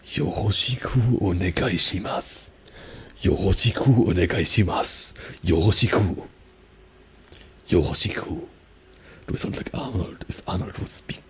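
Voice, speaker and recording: Soft-whispering German-accented man, gravelly. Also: low-pitched, low-quality recording. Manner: gentle whispering, soft and playful. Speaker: ASMR creator. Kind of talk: soft-spoken ASMR talk. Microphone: binaural microphone.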